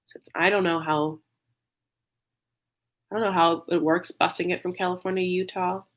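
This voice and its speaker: A young man recapping a reality show in a campy, sassy, animated storytelling style, calling viewers "honey". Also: sits high, moderate pace. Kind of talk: casual comedic recap.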